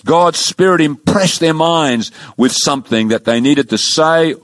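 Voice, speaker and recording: A middle-aged man preaching a sermon, retelling a story with acted-out quotes and dropping his voice low for solemn points. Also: a little slow, dry recording. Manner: animated, acts out quotes with raised pitch, drops low for solemn points.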